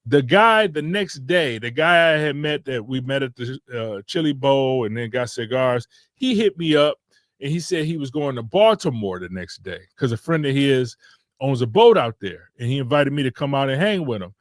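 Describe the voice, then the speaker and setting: This Detroit podcast host has a medium-pitched voice with lively intonation and a moderate pace. He tells a road trip story casually, laid-back and rambling, correcting himself often. The recording is clean studio sound with no room sound.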